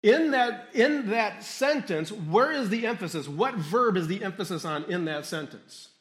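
High-voiced preacher in an echoey room. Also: male voice, animated, a little slow. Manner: teacherly, asks the congregation questions and repeats phrases. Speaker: pastor. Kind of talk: sermon.

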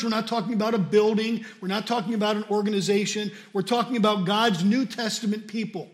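A man preaching a sermon and reading scripture aloud, stressing key words and repeating them for emphasis. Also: high-pitched.

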